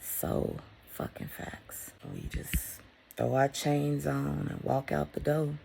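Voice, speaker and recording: Gravelly, blunt-talking woman vlogger. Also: deep voice, flat delivery, slow pace. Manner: blunt and profane, swinging from loud emphasis to hushed whispers. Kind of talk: casual motivational vlog monologue.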